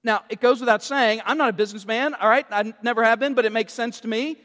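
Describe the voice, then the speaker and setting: A man's voice: very high-pitched, fairly even intonation, fast, fairly bright tone, big-room sound. A man preaching a sermon as a pastor, quizzing and teasing his congregation with playful jokes.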